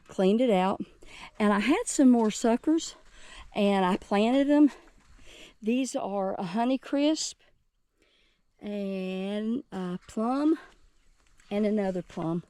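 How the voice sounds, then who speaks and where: A woman's voice: mid-range voice, dark tone, no echo. A woman from West Virginia, giving a chatty, cheerful tour of her home garden outdoors and talking straight to her viewers. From West Virginia, USA. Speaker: gardening vlogger. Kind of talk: casual garden tour vlog.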